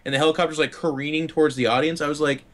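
A young man chatting casually on a podcast, telling stories in an animated, joking way. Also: a little high, racing. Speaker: player and co-host. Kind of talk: casual chat.

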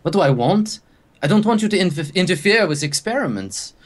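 A man's voice: high-pitched, big pitch swings, brisk, voice pushed up. A man voicing a nervous male scientist in a lab coat who pleads and frets about his experiments. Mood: pleading. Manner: pleading, fussy, rising to panicked yelps.

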